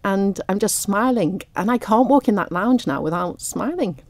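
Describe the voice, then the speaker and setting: A woman of fifty or more talks on a radio interview, warm and close to tears, breaking into laughter often. Her voice sits in a middle register and is recorded close and dry in a studio. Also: mid-range voice, lively intonation, normal speed, no room sound. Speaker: radio guest, raffle prize winner.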